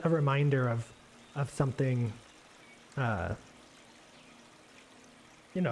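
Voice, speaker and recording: A man giving a relaxed, rambling live painting demonstration, thinking aloud with many fillers and restarts as he works. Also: medium pitch, slight background noise. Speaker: art instructor painting live. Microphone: desk microphone on a livestream.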